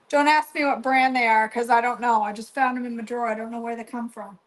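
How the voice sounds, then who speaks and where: A woman's voice: fairly high pitch, fairly even intonation, quick pace, few pauses, rough recording. Chatty middle-aged woman cooking at home. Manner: chatty, teasing, talks to viewers by name. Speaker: cooking vlogger. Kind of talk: casual chat while cooking. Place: home kitchen.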